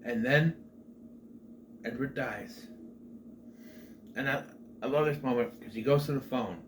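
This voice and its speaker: A middle-aged man hosts his own show, walking through a film's ending in a loose, rambling way, full of side remarks and restarts. His voice sits at an ordinary pitch for a man. Faint background noise runs under the recording. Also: measured pace. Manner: rambling, chatty asides and restarts. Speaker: movie review host. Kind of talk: casual film recap.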